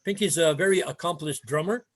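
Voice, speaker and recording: Rambling older man, slightly high. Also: fairly quick. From Canada. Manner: rambling, many fillers and restarts, chuckles. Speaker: guest martial arts instructor. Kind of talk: casual storytelling interview.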